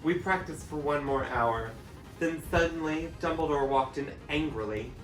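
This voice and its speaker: Here a drag performer, a man with a fairly high voice at a moderate pace, hams up a comic, campy dramatic reading of fanfic and dissolves into laughter. The mic sits at a distance in an echoey room, with faint music playing.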